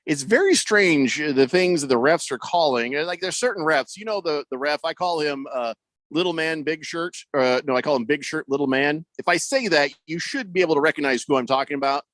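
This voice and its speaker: A man's voice: on the high side, fairly quick, a bit bright, no echo. A man hosting a sports radio show, rambling and joking, acting out quotes in mock voices. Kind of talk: casual sports talk.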